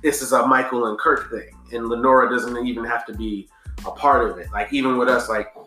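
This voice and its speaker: Man, casual podcast chat, slangy storytelling, forceful bright tone, faint background music. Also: mid-range voice, brisk, reverberant. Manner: relaxed storytelling, slangy, trails off and restarts. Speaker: podcast co-host.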